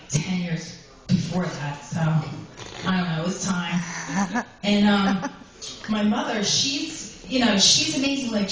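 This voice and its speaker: A woman's voice: mid-range voice, fairly bright tone. A woman doing a stand-up comedy set on a club stage, talking in a rambling way with many ums and likes. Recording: echoey room, far from the mic, faint noise.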